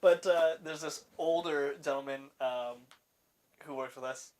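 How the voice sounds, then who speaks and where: A man's voice: a little high, steady tone, unhurried, crowd noise. Rambling casual man, lots of filler. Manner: rambling, many fillers and "like"s, trails off quietly. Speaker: podcast co-host. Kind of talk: casual chat.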